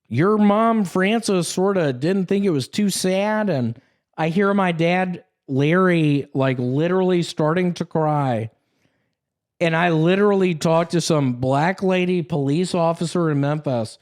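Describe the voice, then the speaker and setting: A young man, a podcast co-host, telling a rambling story in casual chat and swearing freely. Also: high-pitched.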